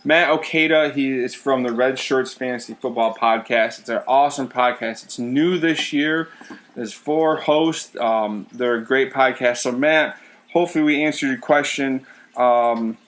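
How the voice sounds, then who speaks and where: Relaxed man hosting a sports podcast. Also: medium pitch, moderate pace. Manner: relaxed, stumbling with fillers. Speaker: podcast co-host. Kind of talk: casual chat.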